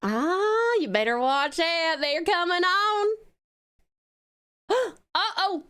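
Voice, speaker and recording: A woman's voice: extremely high pitch, lively intonation, takes it slowly, a bit bright, exaggerated voice. A woman streamer putting on a folksy US Southern accent as a playful persona during live game commentary. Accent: US Southern, put on. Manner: folksy, drawling, affectionate.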